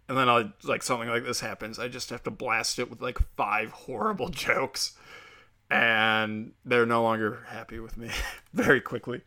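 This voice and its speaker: Solo podcast host, male, foul-mouthed sarcastic ranter, mid pitch, bright edge. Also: steady tone, normal speed. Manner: crude, ranting, sarcastic, mocking voices.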